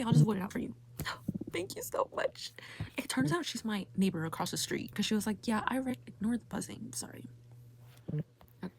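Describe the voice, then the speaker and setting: A woman's voice: medium pitch, slight background noise. Exasperated young woman ranting, filler-heavy. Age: young adult. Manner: exasperated, heavy use of "like", swearing. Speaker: vlogger. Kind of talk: casual storytelling rant.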